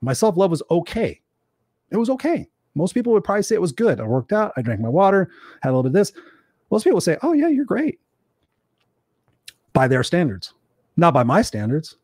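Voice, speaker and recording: A man's voice: a little high, very animated, fast talker, darkish tone, no room sound, clean studio sound. A man in his forties giving a fiery, profane motivational talk as a livestream host.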